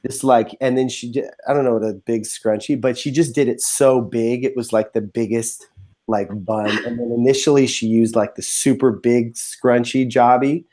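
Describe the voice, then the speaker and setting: A male podcast host in casual chat who rambles along with plenty of fillers. He sounds relaxed and talkative. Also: medium pitch, normal speed. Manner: chatty, rambling, many fillers.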